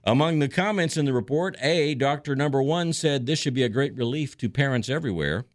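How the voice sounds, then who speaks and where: A man's voice: medium pitch, lively intonation, fairly quick. A man co-hosting a radio show, reading out a joke news item in a dry setup style.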